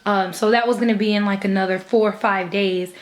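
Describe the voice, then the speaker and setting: A woman's voice: medium pitch, steady tone, brisk. A young woman vlogging casually from her bedroom, chatty, swearing freely and laughing between thoughts. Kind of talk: casual vlog.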